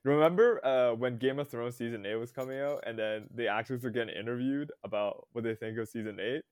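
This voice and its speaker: A man's voice: medium pitch, fairly quick, a little mellow, clean tone, no room sound. Man, podcast co-host, rambling, many restarts, dry recording. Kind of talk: casual chat.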